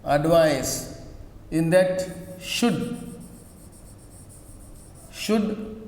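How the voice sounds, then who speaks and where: Man teaching a class, high voice, spells words out, checks understanding often, reverberant classroom. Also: expressive, darkish tone, a little hiss or hum. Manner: slow, spells words out and repeats each phrase; checks understanding with frequent "right?" and "okay?". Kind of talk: classroom grammar lesson.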